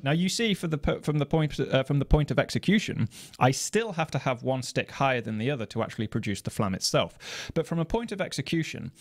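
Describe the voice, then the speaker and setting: A man explaining drum technique in a measured, precise, methodical way. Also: medium pitch, lively intonation. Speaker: drum teacher. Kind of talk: instructional explanation. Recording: loud noise from snare drum playing. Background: snare drum playing.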